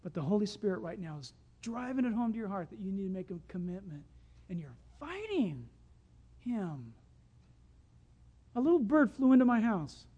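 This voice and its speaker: Animated preacher with lively pitch. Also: moderate pace, long pauses, husky, highs cut off. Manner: animated storytelling, swings from loud to hushed. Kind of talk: sermon.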